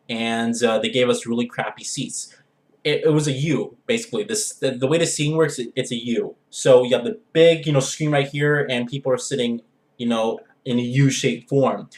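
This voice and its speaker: Rambling young man in an echoey room. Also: medium pitch. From Los Angeles area. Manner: rambling, repeats "all right?". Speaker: gaming vlogger. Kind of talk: casual vlog talk.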